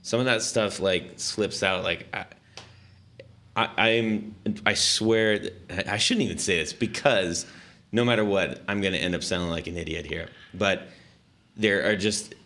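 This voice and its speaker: A man's voice: low voice, measured pace, bright, forceful tone. A middle-aged man from Southern California hosting a podcast in casual chat, rambling and self-interrupting, laughing often. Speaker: podcast host.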